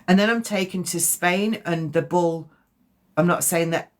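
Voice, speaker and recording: A woman's voice: lowish voice, unhurried. A woman giving a chatty, rambling psychic card reading on a live stream. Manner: chatty, rambling, self-correcting.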